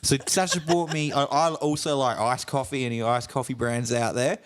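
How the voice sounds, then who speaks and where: A man's voice: medium pitch, steady tone, moderate pace. An Australian man co-hosting a casual podcast, a sweary, rambling storyteller who often laughs. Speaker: podcast co-host.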